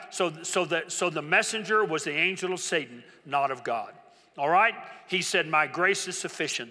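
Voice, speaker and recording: A man preaches to his congregation with a high, very bright, ringing voice. He mixes jokes with emphatic repeated lines and has the crowd say phrases back. His words carry a long reverb through a large church hall. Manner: humorous, emphatic preaching with call-and-response. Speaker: pastor. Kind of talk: sermon.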